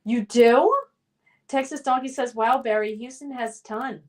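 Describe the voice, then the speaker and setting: Chatty higher-pitched woman streamer. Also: fairly even intonation, moderate pace, a little mellow. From United States. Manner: chatty, reads chat names then responds. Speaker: streamer hosting a trivia game. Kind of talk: casual livestream chat reading viewer comments aloud.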